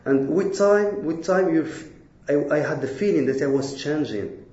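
A man with a warm, mellow voice tells his own story in earnest, halting English that is not his first language, often breaking off and restarting his sentences. The sound carries a roomy echo and is a little dull. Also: on the high side, lively intonation. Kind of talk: personal storytelling talk.

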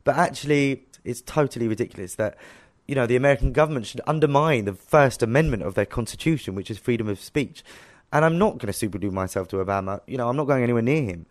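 Activist guy telling his story, animated and chatty. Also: mid-range voice, fast talker. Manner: animated storytelling, acting out dialogue. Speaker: activist guest. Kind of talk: casual interview storytelling.

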